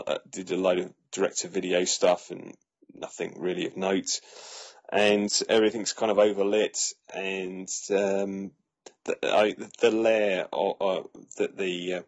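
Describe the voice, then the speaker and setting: A man's voice: low voice, husky, muffled recording. A man casually reviewing a film, talking with many fillers and restarts. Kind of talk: casual chat.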